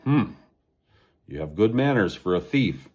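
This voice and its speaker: A man voicing a gruff, suspicious old male Sasquatch in a storybook reading, blustering and accusing. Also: fairly low pitch, very animated, a little slow, darkish tone.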